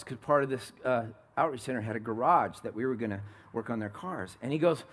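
A man's voice: mid-range voice, brisk, hardly any pauses. A middle-aged man from California preaching a sermon as a pastor, telling stories and asking the congregation questions.

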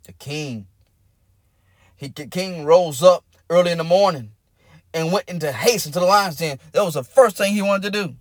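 A man's voice: a little high, moderate pace, no echo, studio quality. A man preaching a sermon, building in rising, intense cadences and breaking into bursts of tongues.

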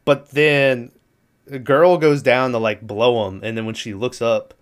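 A man's voice: mid-range voice, steady tone, measured pace, smooth. A man casually recapping a movie plot in a rambling, profane way, laughing now and then. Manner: rambling, profane, laughs through his retelling.

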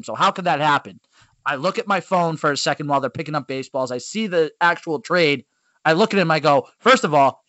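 A man, a youth baseball coach guesting on a podcast, telling stories in blunt, animated sports chat. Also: on the high side, no room sound. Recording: dull lo-fi dry sound.

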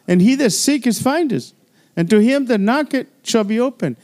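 High-voiced older man preaching. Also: normal speed. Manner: animated preaching with asides and laughter. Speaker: pastor. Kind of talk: sermon. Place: church.

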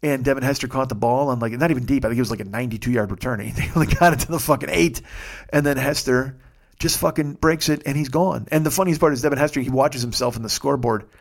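A man hosting a podcast, from the Chicago area, telling a casual, profane story that swells loud when he gets excited. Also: medium pitch, fast talker. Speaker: podcast host.

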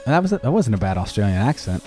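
A man's voice: lowish voice, big pitch swings, very fast, dark tone, faint music behind. A man hosting a podcast, reading sponsor spots and bantering with his co-host. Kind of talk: casual chat and ad read.

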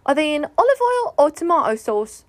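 A woman's voice: high-pitched, sing-song, brisk, no room sound, pitched above the performer's own voice. A woman voicing a haughty, vain female otter in a storybook reading, with a demanding manner.

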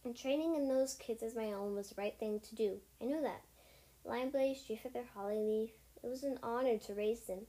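A woman's voice: a little high, moderate pace, dark tone, natural voice. A woman voicing a proud, worried she-cat warrior in a first-person storybook reading, with small slips as she reads.

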